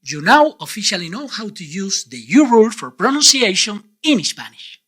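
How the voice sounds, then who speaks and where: A man teaching Spanish pronunciation in an online lesson, with a clear, deliberate delivery and frequent quiz questions to the viewer. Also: high-pitched, sing-song, a bit bright.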